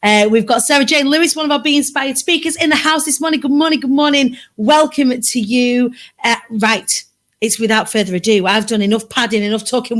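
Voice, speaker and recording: A chatty woman from Britain hosts a live morning show from her sofa. She talks in a bubbly, rambling way, full of asides, in a slightly high voice. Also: fairly quick, fairly bright tone. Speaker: livestream host. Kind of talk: casual live chat. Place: home sofa.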